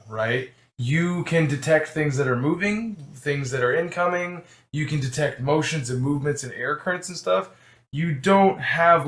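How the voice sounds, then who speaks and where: A man running a tabletop game as game master, talking casually with many restarts. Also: on the high side. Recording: echoey room.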